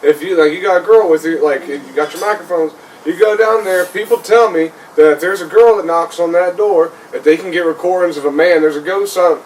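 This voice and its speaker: Guy putting on old redneck tour guide, kinda high, bit far from the mic. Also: fairly quick, hardly any pauses, darkish tone, natural voice. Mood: folksy. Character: old backwoods male tour guide, folksy. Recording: slightly distant mic, faint noise.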